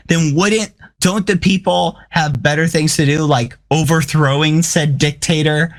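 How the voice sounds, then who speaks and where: A young man argues his side of a playful mock debate. He sounds incredulous and animated and laughs often, and his voice sits a little high for a man. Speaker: debater on a comedy talk show.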